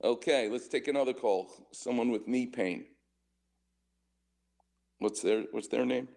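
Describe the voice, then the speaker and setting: A man in his sixties hosts a call-in radio show as a doctor. His medium-pitched voice is creaky and measured, and he's an animated storyteller who laughs often.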